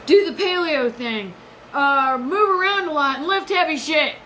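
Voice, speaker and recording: A woman's voice: sits high, animated, measured pace, pushed and bright, a little hiss or hum, poor audio. A woman in her forties giving an intense, rambling, profane personal monologue. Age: 40s. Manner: intense, rambling, profane, jumps between topics.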